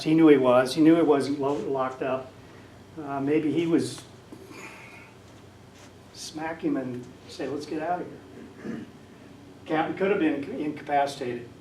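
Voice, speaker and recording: A man's voice: on the high side, a little mellow, slight background noise. An older man giving a casual lecture and telling rambling stories. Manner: rambling storyteller, acts out quoted voices. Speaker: guest speaker. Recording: echoey hall from far off.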